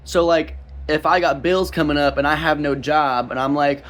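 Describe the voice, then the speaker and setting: A young man with a slightly high voice, giving a rambling personal testimony as a street minister, with many restarts. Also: normal speed, few pauses, fairly bright tone.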